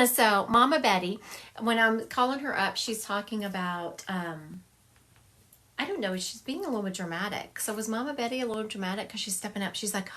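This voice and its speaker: A woman's voice: medium pitch, expressive, moderate pace, bright, forceful tone. A woman psychic medium doing a livestream reading over a phone, chatty, laughing often and acting out what spirits say.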